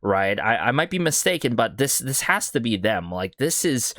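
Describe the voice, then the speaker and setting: A man's voice: medium pitch, sing-song, normal speed, sharp tone, no echo, studio quality. A man hosting a K-pop reaction video, talking with enthusiasm and often checking in with the listener with "right?" and "you know what I'm saying?". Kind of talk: casual music reaction commentary. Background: faint music from the video being reviewed.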